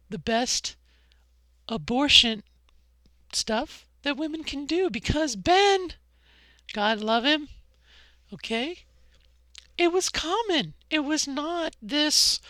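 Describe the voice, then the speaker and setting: Slow, impassioned middle-aged woman. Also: sits high, a bit bright, dry recording. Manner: impassioned, conversational, frequent "okay?" asides. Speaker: vlogger. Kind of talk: personal monologue.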